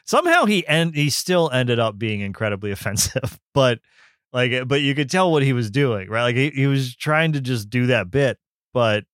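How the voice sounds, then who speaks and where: A man's voice: medium pitch, big pitch swings, normal speed, a bit bright, no echo. A man with an ordinary mid-range voice co-hosts a podcast, reacting bluntly and swearing freely. The recording is close and dry. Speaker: podcast co-host. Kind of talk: casual chat.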